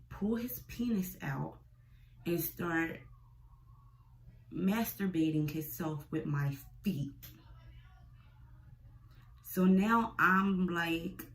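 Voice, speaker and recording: A young woman vlogger telling a storytime tale, blunt and profane, animated and chatty. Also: lowish voice, poor audio. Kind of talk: storytime vlog.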